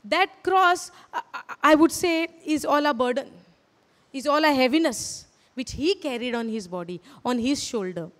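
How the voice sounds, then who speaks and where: High-voiced woman preaching in a hall. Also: animated, moderate pace, fairly bright tone. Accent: Indian English. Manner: earnest, repeats phrases, asks the audience questions. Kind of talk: sermon. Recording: hall reverb.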